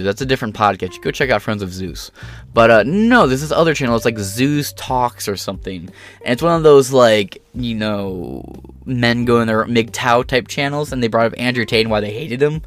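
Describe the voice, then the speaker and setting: Soft music plays behind a Canadian podcast host as he rants in heated, blunt commentary, swearing heavily. He speaks fairly quickly and expressively at a medium pitch.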